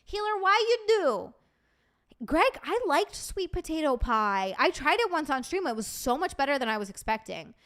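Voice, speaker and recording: A woman hosting a casual livestream, chatting with viewers and reacting to their comments in an animated, swearing, joking way. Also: sits high, moderate pace, few pauses. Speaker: streamer host.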